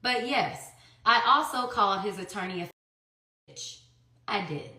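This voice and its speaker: A woman's voice: mid-range voice, expressive, measured pace, bright, forceful tone, reverberant, soft background music. A woman telling her own story as a mother in a custody fight, with emphatic rhetorical questions.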